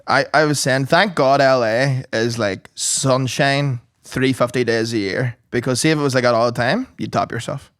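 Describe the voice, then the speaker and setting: A man's voice: mid-range voice, fairly even intonation, normal speed, hardly any pauses, fairly bright tone, clean tone, no echo, studio quality. Sweary man telling stories. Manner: sweary, storytelling, laughing often. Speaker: podcast co-host. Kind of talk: casual chat.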